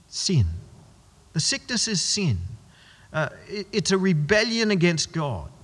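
A man's voice: high voice, sing-song, unhurried, fairly bright tone. A man preaching a sermon as pastor, emphatic and posing rhetorical questions he answers himself. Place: church. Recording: long church hall reverb.

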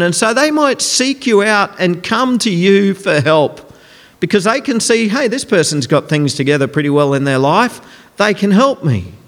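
A man delivers a sermon, talking to his listeners in a conversational but emphatic way and acting out quotes now and then. His voice sits a little on the high side. The sound rings with the long reverb of a large hall. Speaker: preacher.

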